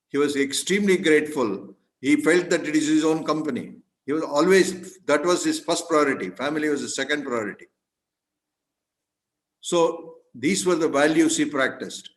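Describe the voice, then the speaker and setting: A man giving a storytelling speech as a guest speaker, earnest, often clearing his throat and restarting his sentences. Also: on the high side, normal speed, poor audio. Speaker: guest speaker at a club meeting.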